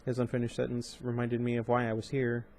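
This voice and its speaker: A young man reads a novel aloud at home-channel pace, his voice sitting in an ordinary middle pitch. Between passages he drifts into casual commentary, full of ums and restarts. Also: monotone, brisk, a little mellow. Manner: casual, chatty asides with fillers and restarts. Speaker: audiobook reader and channel host. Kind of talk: amateur book reading with commentary.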